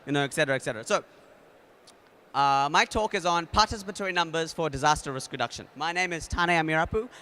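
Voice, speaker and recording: A man with a New Zealand accent addresses a conference audience in a loose, energetic way, full of fillers and restarts. His voice sits a bit high and sounds bright and forward. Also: fast talker, clear, resonant tone. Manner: energetic, leads the audience in a game; casual with many fillers and restarts. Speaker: conference speaker. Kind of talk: conference talk.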